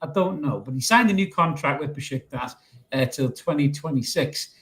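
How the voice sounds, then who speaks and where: Chatty bloke with a higher voice. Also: male voice, normal speed, a bit bright. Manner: cheeky, swears freely, laughs often. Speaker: podcast co-host. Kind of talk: casual football podcast chat.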